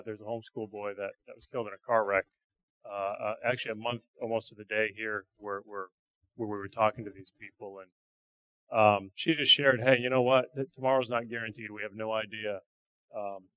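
A man sharing stories from a church mission trip in a halting, earnest way. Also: lowish voice, fairly even intonation, fairly bright tone, dry recording, poor audio. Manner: halting, repeats words, earnest. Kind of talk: casual testimony talk.

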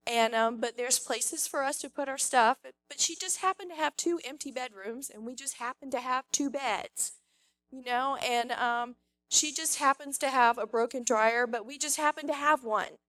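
A woman giving a rambling, excited testimony in church, full of fillers and restarts. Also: high-pitched, moderate pace, no room sound. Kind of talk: spontaneous testimony.

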